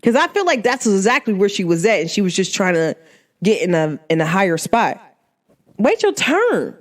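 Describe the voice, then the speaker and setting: Lively, emphatic woman telling a story. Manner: animated, emphatic, punctuates with "boom". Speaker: podcast host. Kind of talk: storytelling monologue.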